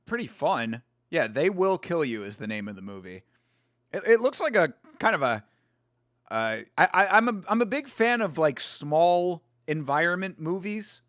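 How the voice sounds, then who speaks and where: A man hosts a casual watch-along stream, his slightly high voice bouncing around with lively swings. He rambles through his thoughts with restarts and the odd curse word. The sound is close and dry, with no room around it. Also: no room sound. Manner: rambling, with frequent restarts and swearing. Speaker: watch-along livestream host. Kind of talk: casual livestream commentary.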